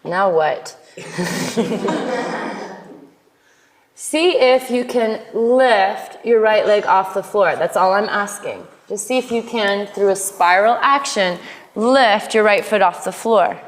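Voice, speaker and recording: Woman leading yoga class, playful asides, mid-pitch voice, lots of hall reverb. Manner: playful, cueing poses with quick asides. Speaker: yoga teacher. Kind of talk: live yoga class instruction. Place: yoga studio. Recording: long hall reverb in studio.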